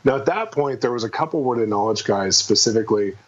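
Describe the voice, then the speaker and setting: Fast-talking husky man telling a story. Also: medium pitch, dull audio. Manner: fast, animated storytelling with acted quotes. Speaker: guest minister. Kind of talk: casual testimony storytelling.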